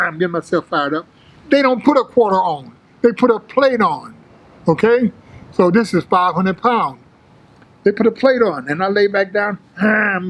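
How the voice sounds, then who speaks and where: Animated older man spinning a story. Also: sits high, moderate pace, poor audio. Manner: animated storyteller, acts out quotes, street slang. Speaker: interview guest, former bodybuilder. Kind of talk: casual storytelling interview.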